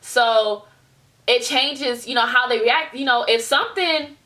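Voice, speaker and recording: A woman's voice: a little high, unhurried. A young American woman vlogging casually to her webcam, ranting animatedly and mimicking people as she tells stories. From United States. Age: young adult. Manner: animated storytelling, mimics people in other voices. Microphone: webcam at desk.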